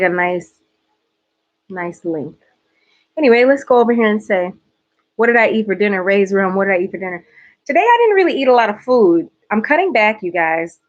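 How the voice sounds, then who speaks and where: Hosting a casual livestream, a woman from Georgia with a light Southern accent chats playfully with her viewers. Her voice is medium in pitch, and the highs are cut off.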